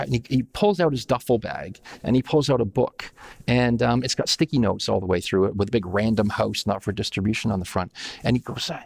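A man's voice: mid-range voice, animated, fairly quick, gravelly. A man, a company founder, telling a story as an interview guest, with lots of fillers and restarts. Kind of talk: casual anecdote.

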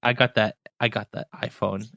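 Male podcast host, bright and punchy, dry studio sound, loose conversational read. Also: fairly low pitch, moderate pace, vocal fry, no room sound. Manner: chatty, trails off and restarts, relaxed. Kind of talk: casual podcast chat.

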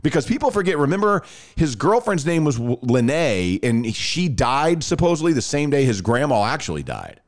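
A man telling a long story in casual chat, animated and full of restarts. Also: medium pitch, normal speed.

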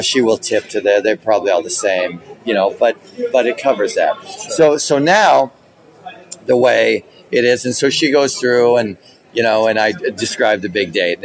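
A man's voice: mid-range voice, poor audio. A man who works as a magician, telling stories in a casual podcast interview and acting out his own stage patter as he goes. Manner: animated, acts out his stage patter in retelling.

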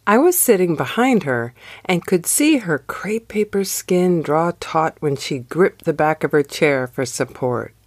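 Woman, devotional host, low voice, lively swooping delivery, slow expressive scripted read. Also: no echo, clean studio sound.

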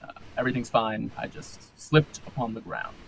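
A man's voice: medium pitch, normal speed, vocal fry, a bit bright, slight background noise, pitched below the performer's own voice, poor audio. A man voicing an older, proud ship captain who speaks formally and scolds his crew. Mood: dismissive.

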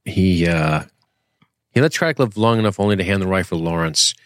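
A man's voice: sits low, expressive, brisk, dry recording, clean studio sound. A man co-hosting a podcast in casual, joking chat, swearing freely. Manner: swearing, joking, slips into a drawled fake Southern voice. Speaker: podcast co-host.

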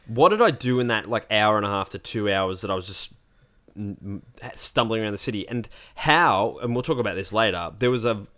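A man's voice: on the low side, a bit bright. A man co-hosting a podcast in casual chat, telling a rambling, self-mocking story. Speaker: podcast co-host.

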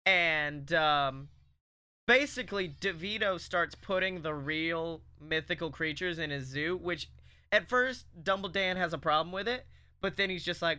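A man co-hosting a comedy podcast, rambling excitedly as he pitches a made-up movie plot, with lots of ums, swearing and laughter. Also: measured pace, smooth. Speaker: podcast co-host.

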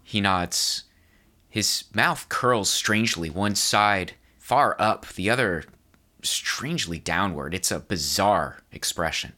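A man narrating as game master of a tabletop horror game, describing scenes in a measured way. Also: sits low, expressive, bright, forceful tone.

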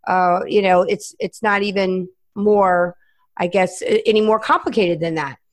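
A woman's voice: mid-range voice, fairly even intonation. A woman from Southern Maryland hosting a casual interview, agreeing readily and reflecting on helping clients. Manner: warm affirming, quick to agree. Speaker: podcast host.

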